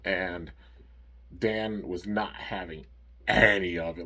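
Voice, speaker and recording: A man with a deep, slightly husky voice talks through a cartoon episode in a loose, rambling recap. He leans on fillers like "like" and "you know" as he goes. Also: steady tone, slow, bright, forceful tone. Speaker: anime episode reviewer.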